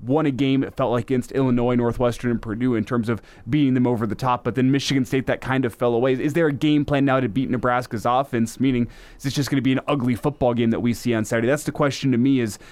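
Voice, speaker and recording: Male co-host, rapid speech, rhetorical questions, dry close sound. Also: mid-range voice, fairly even intonation, darkish tone, no room sound. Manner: fast, poses rhetorical questions. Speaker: radio co-host. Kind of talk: sports radio talk.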